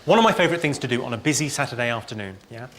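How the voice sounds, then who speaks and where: A man performing a stand-up comedy set in deadpan one-liners, with clipped delivery. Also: medium pitch, rapid-fire. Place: large venue with live audience. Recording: live show with loud crowd laughter and noise.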